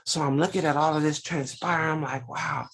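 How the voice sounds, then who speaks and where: A man's voice: on the high side, steady tone, a little fast, a bit bright. A man teaching a religious Sunday school lesson, preaching with lots of rhetorical questions to his listeners.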